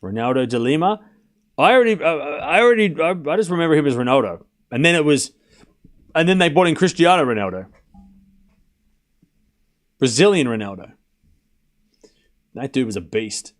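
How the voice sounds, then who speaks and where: A man with a slightly high voice speaks at normal speed, leaving long pauses, as he hosts a live tennis watchalong. Excitable in manner, he calls each point and adds joking asides between them.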